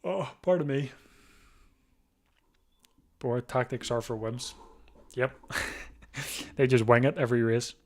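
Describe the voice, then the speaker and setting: A man's voice: medium pitch, little pitch movement. A man hosting a live watch-along of a bike race, chatting casually with frequent restarts, sleepy and yawning. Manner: chatty, thinks aloud with restarts, quick to laugh. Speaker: live stream host.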